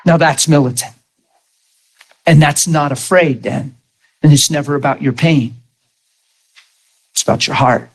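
A man preaching a sermon, telling his own story, dropping to a hush and then raising his voice to drive a point home. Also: fairly high pitch, a little slow, long pauses, slightly rough. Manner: testimony swinging from hushed to raised voice.

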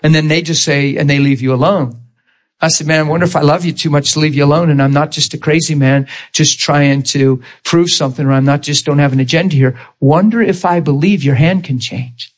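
Husky-voiced man preaching a story. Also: fairly high pitch, fairly even intonation, a little fast. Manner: storytelling, quoting both sides of conversations. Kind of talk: sermon with acted-out stories.

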